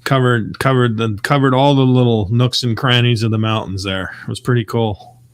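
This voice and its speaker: A man in a casual chat, curious and joking, with some halting restarts. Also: mid-range voice, fairly even intonation, clean tone, dry recording. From Canada.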